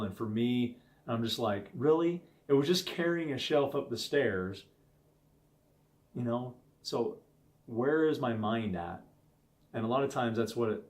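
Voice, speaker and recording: A man in his thirties hosting a casual talk, telling a story from his home life in an earnest, conversational way. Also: medium pitch. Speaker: host. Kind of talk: casual talk on stress management.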